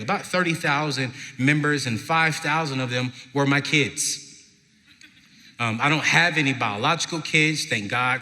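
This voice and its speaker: A man giving a live inspirational talk to an audience at a parenting event, telling stories emphatically with slow, dramatic pauses. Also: mid-range voice, pushed and bright. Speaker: motivational speaker at a parenting event. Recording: long hall reverb from a live venue.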